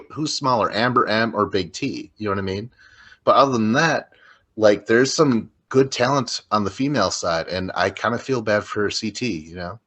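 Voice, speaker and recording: A man co-hosting a podcast, talking about a reality show in a relaxed, agreeable way with quick backchannels. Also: on the low side, husky. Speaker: podcast co-host. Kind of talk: casual chat recapping a reality show.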